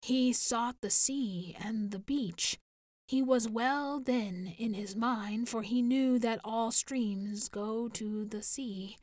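A woman voicing a dignified old male alien chief who speaks slowly and gravely. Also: fairly high pitch, animated, dry recording. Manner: slow and grave.

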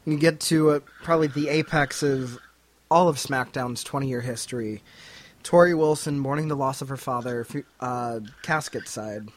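A man's voice: mid-range voice, normal speed, slight background noise. A man co-hosting a podcast, giving wry, laid-back commentary in casual chat. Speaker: podcast co-host.

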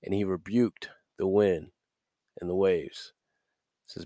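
Man, podcast host, getting over a cold, lowish voice, dry close mic, upbeat preachy delivery. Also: steady tone, measured pace, mellow, dry recording. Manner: upbeat and preachy, laughs between points. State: recovering from a cold. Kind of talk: short devotional podcast.

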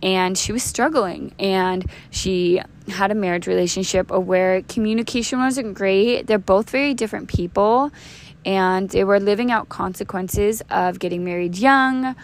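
A mid-range, unhurried voice belongs to a woman in her thirties who hosts a podcast. She tells her faith testimony earnestly and conversationally, restarting often and filling pauses with fillers.

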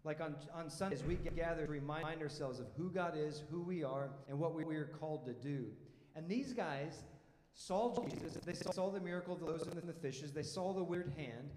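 A man's voice: on the high side, moderate pace, darkish tone, slight background noise. Preaching man in an echoing hall. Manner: emphatic, conversational preaching with rhetorical questions; repeats words as he restarts. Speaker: pastor. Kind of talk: sermon. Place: church hall. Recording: echoey hall with long reverb.

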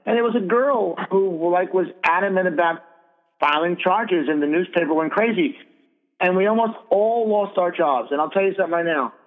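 A man's voice: high voice, normal speed. A middle-aged man hosting a radio talk show, speaking bluntly and indignantly and swearing freely. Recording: tinny phone-like radio audio with long reverb.

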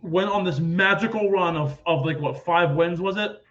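A man hosting a casual sports podcast, talking in an animated, rambling way and acting out quoted people loudly. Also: high-pitched, moderate pace, muffled recording. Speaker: podcast host.

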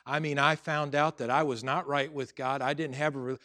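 A man's voice: on the high side, fairly even intonation, normal speed, hardly any pauses, sharp tone. Earnest middle-aged male pastor preaching. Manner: earnest storytelling with many restarts, rising to emphatic preaching. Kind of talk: sermon.

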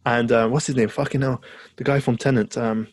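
A man's voice: medium pitch, steady tone, fairly quick, darkish tone, no echo. A man co-hosting a podcast, chatting eagerly and rambling, swearing now and then. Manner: enthusiastic, rambling, swears casually. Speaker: podcast co-host. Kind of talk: casual chat.

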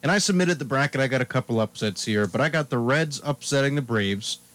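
A man on a sports radio show, talking in an easygoing, chatty way. His voice sits at an ordinary middle pitch. He rattles through his picks one after another. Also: lively intonation, a little fast, fairly bright tone. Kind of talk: casual sports talk radio.

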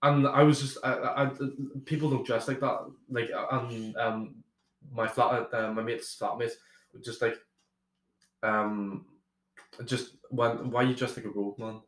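A man's voice: mid-range voice, level tone, takes it slowly, a bit bright. Rambling young man in an echoey room. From Ireland. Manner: rambling, with many restarts and swearing. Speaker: podcast guest. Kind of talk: casual storytelling chat.

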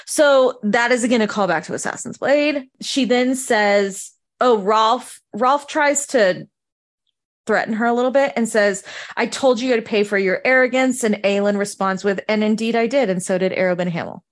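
A woman co-hosting a book read-along podcast, recapping chapters in a gushing, excitable way with frequent laughter. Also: on the high side, normal speed. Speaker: podcast co-host.

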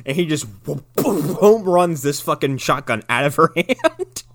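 A man's voice: on the high side, measured pace. A man co-hosting a podcast, recapping a movie in casual, profane banter and acting out scenes between laughs. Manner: profane, animated, laughs often and acts out scenes. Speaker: podcast co-host.

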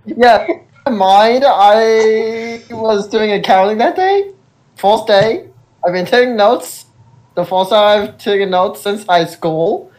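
A man co-hosting a podcast, chatting in a laid-back, unhurried way. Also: high-pitched, a little mellow. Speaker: podcast co-host. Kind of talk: casual chat.

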